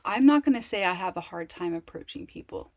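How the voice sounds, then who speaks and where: A woman talking candidly to camera in a casual personal monologue, rambling and halting, with many restarts and fillers. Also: lowish voice, lively intonation. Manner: candid and emotional. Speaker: vlogger.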